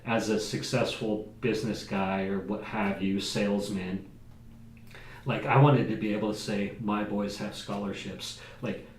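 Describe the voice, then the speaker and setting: A man talks openly about his own life in a relaxed podcast chat, stopping and restarting his sentences. His voice sits low. The echoey room and the distant mic make him sound far off. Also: moderate pace. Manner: candid, talks with many restarts and fillers. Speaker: podcast guest. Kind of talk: casual conversation. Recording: echoey room, mics at a distance, faint noise.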